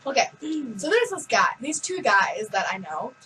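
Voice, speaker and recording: A teenage girl chatting casually on a vlog, giggly and animated as she tells stories. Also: on the high side, normal speed, distant mic, slight background noise, poor audio. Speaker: vlog co-host. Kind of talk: casual chat.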